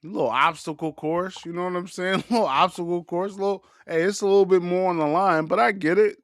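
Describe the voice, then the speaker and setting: A man's voice: high voice, fairly even intonation, fast talker, fairly bright tone, no echo, studio quality. A man hosting a podcast, riffing in loose, profane, joking casual chat. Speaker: podcast host.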